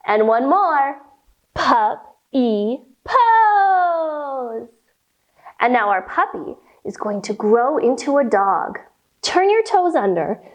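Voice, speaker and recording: High, lively woman yoga teacher for kids. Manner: cheerful sing-song instruction with animal sounds. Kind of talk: guided children's yoga with rhymes.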